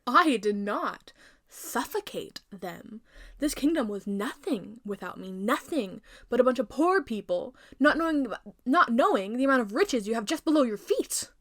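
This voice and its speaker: A woman's voice: fairly high pitch, animated, fast, no room sound, clean studio sound, natural voice. A woman voicing a vain, power-hungry fairy-tale queen who talks down to others with haughty scorn. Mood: proud, defiant.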